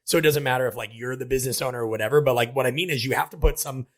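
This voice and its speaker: A man who coaches, guesting on a podcast, talking in a quick, animated way and making analytical points. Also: medium pitch. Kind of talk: casual podcast chat.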